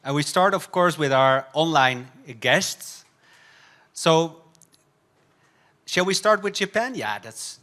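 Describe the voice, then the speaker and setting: A man moderating a conference panel, brisk and upbeat, steering the speakers. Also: on the high side, lively intonation, sharp tone. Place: conference stage.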